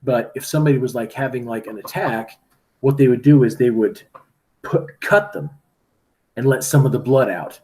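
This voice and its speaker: A man's voice: medium pitch, moderate pace, mellow. Chatty man retelling a story to a class. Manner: chatty, lots of "like" and "right?". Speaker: teacher. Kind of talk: casual storytelling to students.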